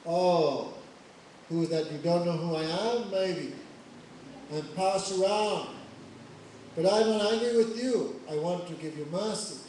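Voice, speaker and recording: A man's voice: a little high, fairly even intonation, brisk, slight background noise, close to an everyday voice. A man voicing a furious, boastful warrior sage. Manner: shouting, boastful. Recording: echoey hall, mic far off.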